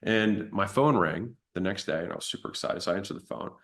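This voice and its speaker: A man's voice: sits low, quick pace. A man telling a story about his business in a casual, blunt way, swearing now and then. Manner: blunt, conversational, with occasional swearing; animated retelling of his own past.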